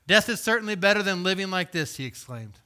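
A man preaching a sermon, reading scripture aloud and voicing questions, swinging from loud emphasis to hushed, low delivery. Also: animated, quick pace. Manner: reads scripture aloud and voices imagined questions. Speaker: pastor.

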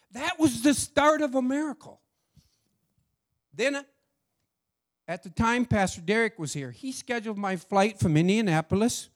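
A middle-aged man telling a church testimony story, acting out the dialogue with lively feeling. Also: high voice. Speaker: church speaker sharing a testimony.

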